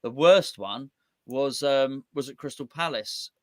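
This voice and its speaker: A man hosting a fan chat show, telling stories in an animated way and quoting what other people said. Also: mid-range voice, measured pace, dry recording, clean studio sound. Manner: animated storytelling, quotes others. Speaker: fan channel host. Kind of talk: casual chat.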